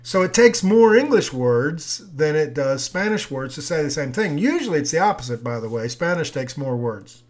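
Male preacher on an audio teaching; slightly high voice, easygoing and explanatory, full of fillers. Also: big pitch swings, moderate pace, hardly any pauses. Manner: conversational, with fillers and restarts; explains with homely examples. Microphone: audio recording.

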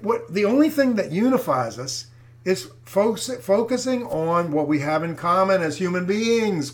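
An older man with a high voice preaches his commentary straight to his viewers. He hammers his points home by repeating phrases and keeps calling his listeners folks. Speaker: Christian commentator.

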